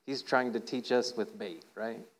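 A man's voice: steady tone, a little slow, rough recording. Playful, conversational male preacher. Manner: playful storytelling, acts out voices with rising pitch; conversational, asks "right?" often. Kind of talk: informal sermon.

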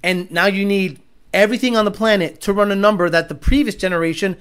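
A man's voice: sits high, fairly even intonation, fast talker, a bit bright, clear, resonant tone. A young man rants through a casual livestream, blunt and boastful. He swears freely and talks straight at his chat as host.

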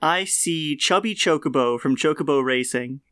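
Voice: medium pitch, normal speed, fairly bright tone, clear, resonant tone. A podcast co-host in casual chat, chiming in with wry, teasing remarks.

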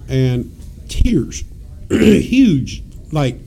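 A man's voice: a little high, very animated, extremely slow, creaky, mellow, slight background noise. A man, a podcast co-host telling rowdy stories with lots of laughter and cursing. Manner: rowdy, laughing, profane storyteller. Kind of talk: casual storytelling chat.

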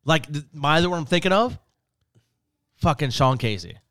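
Excited rambling podcast host. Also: male voice, a little high, normal speed, no room sound, studio quality. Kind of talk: casual chat.

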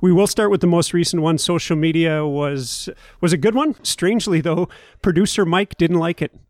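A man's voice: a little high, normal speed, a little mellow, no room sound. A man hosting a podcast in a casual, easygoing way, with a wry edge. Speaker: podcast host.

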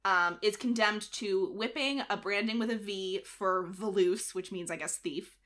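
A young adult woman co-hosting a podcast, retelling history in a casual, animated way and acting out the quotes. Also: mid-range voice, unhurried. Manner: animated retelling with acted-out quotes and frequent laughs. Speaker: podcast co-host. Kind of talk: casual storytelling chat.

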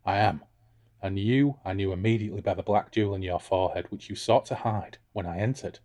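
A seductive, scheming noblewoman, read aloud by a man. The voice sits low and soft, with no attempt at a falsetto. It is an unhurried audiobook-style reading inside a book chat. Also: lightly acted.

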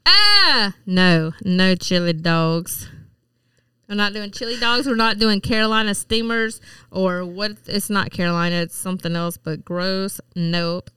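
Bright, crisp-voiced woman, slightly distant. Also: medium pitch, measured pace, no room sound, studio quality. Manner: playful, laughing often. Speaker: podcast co-host. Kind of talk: casual podcast banter.

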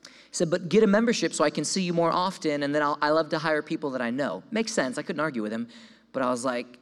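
Speaking a little high and at a quick pace, a young man shares his testimony during a sermon. His storytelling is animated; he acts out his own quoted thoughts and trips over repeated words when he gets excited. The recording carries long hall reverb.

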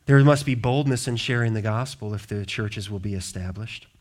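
A man with an American accent, a pastor preaching a sermon and telling the stories in lively, acted-out voices. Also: on the low side, moderate pace. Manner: animated storyteller, acts out voices.

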